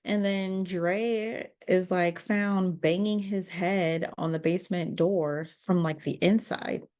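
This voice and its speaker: A woman co-hosting a podcast, retelling a movie's scenes in a casual, animated way, full of "like" and acted-out quotes. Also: on the low side, slow pace. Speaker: podcast co-host. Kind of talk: casual movie recap chat.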